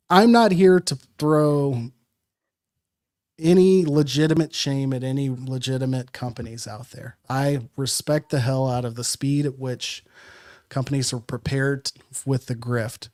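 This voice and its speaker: Casting note: male co-host, rambling and jokey, mid pitch, casual sports banter. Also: unhurried, darkish tone. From Madison, Wisconsin. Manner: rambling, jokey, many fillers. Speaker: podcast co-host.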